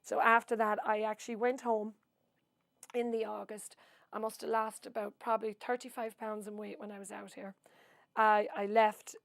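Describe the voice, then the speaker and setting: A woman's voice: mid-range voice, flat delivery, normal speed, gravelly, no room sound. A woman from Ireland with an Irish accent, telling a rambling personal story for an oral history project, full of asides. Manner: long-winded storyteller who adds asides. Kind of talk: rambling spoken recollection.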